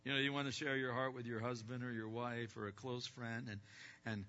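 A male pastor preaching a sermon, swinging from loud bursts to hushed, quiet passages and acting out distracted listeners in quick asides. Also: medium pitch, little pitch movement. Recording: dull lo-fi sound with long hall reverb.

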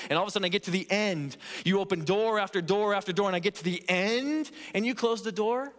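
A man's voice: high voice, fast, few pauses, a bit bright. A man preaching a sermon in a church, earnest and emphatic, repeating phrases for stress. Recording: echoey church hall reverb.

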